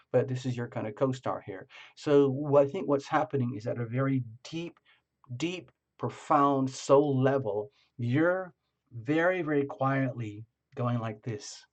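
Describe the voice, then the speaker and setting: A man's voice: medium pitch, a little mellow. A man giving a casual tarot reading, meandering along and repeating words for emphasis. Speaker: tarot reader.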